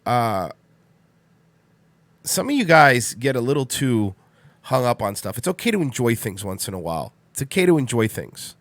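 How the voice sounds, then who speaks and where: A man in his thirties rambles through casual chat as a livestream host, repeating lines and swearing without a second thought. His middle-pitched voice sits on a close mic in a dry, dead room. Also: big pitch swings, normal speed, fairly bright tone, no echo. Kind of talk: casual solo stream chat.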